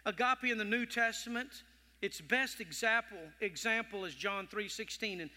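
Impassioned Texan pastor, bright high voice. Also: male voice, moderate pace, in a large hall. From Texas. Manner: impassioned, heartfelt storytelling. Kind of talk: sermon.

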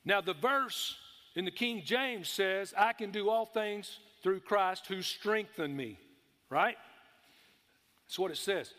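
A man delivers a sermon in a high, ringing voice that sounds pushed and bright. He is emphatic, calls on the room for amens, and drawls out the key words slowly. A long church-hall reverb trails his voice.

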